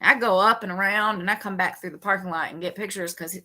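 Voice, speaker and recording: A woman telling a story in a casual, sarcastic rant, with quick animated bursts. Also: medium pitch. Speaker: vlogger.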